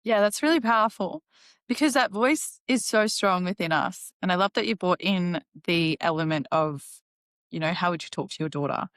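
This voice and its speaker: A woman hosting a podcast, speaking in an animated, emphatic way and talking in quick bursts. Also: lowish voice, no echo, clean studio sound. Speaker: podcast host. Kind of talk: conversational interview hosting.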